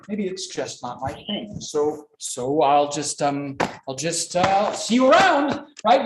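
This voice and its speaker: A man as an actor backing out of a play, hesitant and stammering, with lots of fillers. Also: high-pitched. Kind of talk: film drama dialogue. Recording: echoey room with background noise.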